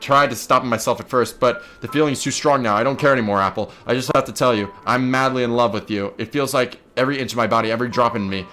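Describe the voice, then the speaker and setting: A man's voice: medium pitch, steady tone, quick pace, hardly any pauses, a bit bright, soft background music, close to an everyday voice. A man reading aloud the lines of an obsessive, lovestruck young woman from a video game, in a mostly plain voice.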